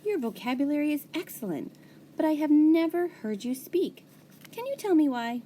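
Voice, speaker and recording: A woman's voice: high-pitched, sing-song, moderate pace, mellow, slight background noise, pitched above the performer's own voice. Woman reading as a stern schoolteacher. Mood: encouraging. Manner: precise, schoolteacher tone. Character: teacher woman, kind then cross and stern. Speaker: teacher. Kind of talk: storybook character reading.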